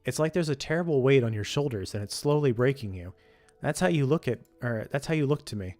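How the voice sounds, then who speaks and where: A man reading the lines of an earnest young female college student who pleads with a friend, keeping his own mid-pitched voice. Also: animated, fast, a little mellow, soft background music, natural voice. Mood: worried.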